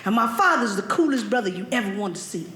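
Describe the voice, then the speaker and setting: A young woman doing stand-up comedy on a club stage, telling stories in a lively way with asides to the crowd. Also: mid-range voice, fast talker. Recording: echoey club with loud laughter. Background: loud audience laughter.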